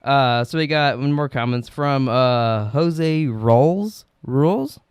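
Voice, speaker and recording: A man's voice: mid-range voice, slow pace, clear, resonant tone, dry recording. A young man co-hosting a podcast, telling rambling stories with restarts and casual swearing. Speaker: podcast co-host.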